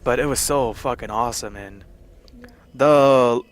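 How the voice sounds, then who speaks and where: A man's voice: medium pitch, unhurried. A young man casually telling a rambling story over gameplay, full of fillers and swearing. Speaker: gaming channel host.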